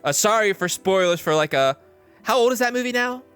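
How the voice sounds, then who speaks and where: A man's voice: high-pitched, lively intonation, fairly bright tone, clean tone, faint music behind. A young man co-hosting a screenwriting podcast, chatting casually, rambling and laughing at his own jokes. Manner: joking, rambling, quick to laugh. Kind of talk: casual chat.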